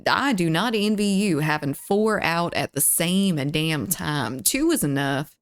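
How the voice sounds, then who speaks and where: A woman's voice: on the low side, expressive, a little slow, clear, resonant tone. A woman, rambling in casual chat with her live viewers and reading their messages aloud. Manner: rambling, lots of filler "like", reads chat aloud. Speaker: streamer.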